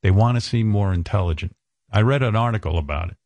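A man's voice: fairly low pitch, fast, darkish tone, dry recording. An older man hosting a talk show, bantering crudely and mocking people with impressions. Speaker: radio show host.

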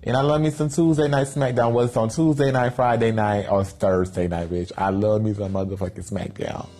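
A man's voice: lowish voice, fairly even intonation, fairly quick, dark tone, soft background music. A man in a casual storytime monologue, talking in a sassy, theatrical, profane way, full of "girl" and "bitch" asides. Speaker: vlogger telling a story.

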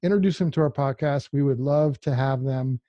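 Man, direct and emphatic, mellow dark voice, dull muffled recording, dry room. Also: mid-range voice, brisk, no echo. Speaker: podcast co-host. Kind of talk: casual podcast chat.

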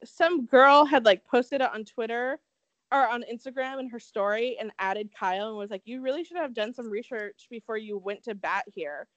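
A woman's voice: a little high, moderate pace, lo-fi sound. A woman in her twenties co-hosting a podcast, chatting casually in a gossipy, profane way and laughing often. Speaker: podcast co-host. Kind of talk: casual chat.

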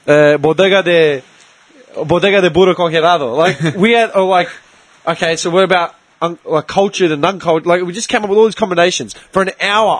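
A man's voice: sits high, no echo. A man in casual podcast chat, telling stories and swearing freely. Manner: animated, swears freely, tells stories with put-on voices.

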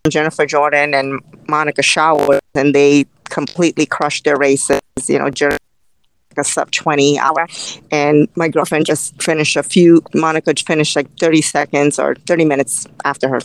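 A woman telling a long race story in a podcast interview, animated and full of fillers, acting out what people said to her. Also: sits low, normal speed, smooth, no room sound, poor audio. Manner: animated, tells the story through quoted dialogue with many fillers. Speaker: race director and ultrarunner guest.

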